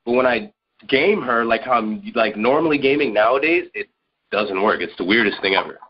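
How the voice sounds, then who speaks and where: A man's voice: mid-range voice, expressive, brisk, husky, lo-fi sound. A man calling in to a podcast, rambling through his question and saying "like" a lot. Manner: rambling, heavy use of "like". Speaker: caller. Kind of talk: casual question to hosts.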